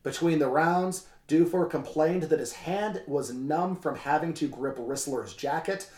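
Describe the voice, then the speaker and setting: A man's voice: on the high side, a little slow. A man co-hosting a casual podcast, reading old wrestling reports aloud and riffing on them with jokes and swearing. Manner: animated, jokey, swearing, acts out quotes. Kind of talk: casual podcast chat with read-out history. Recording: roomy, echoey room sound.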